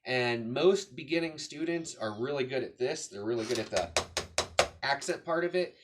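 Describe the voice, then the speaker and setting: A man's voice: medium pitch, lively intonation, moderate pace, very noisy. A man teaching a drum lesson, patiently explaining strokes and counting beats aloud as he demonstrates. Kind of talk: casual instructional explanation. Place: room with a drum kit.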